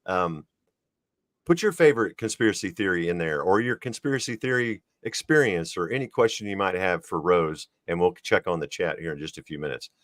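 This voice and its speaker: A very deep-voiced man hosts an interview show, relaxed and easygoing as he sets up his questions. The sound is dry and close, with no room around it. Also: fairly quick, no room sound. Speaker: host. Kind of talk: casual interview chat.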